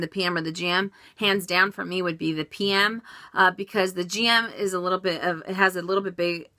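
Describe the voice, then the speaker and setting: Bright-voiced chatty woman vlogger. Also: medium pitch, no echo. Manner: chatty, upbeat, many fillers and restarts. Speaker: vlogger answering viewer questions. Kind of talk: casual Q&A vlog.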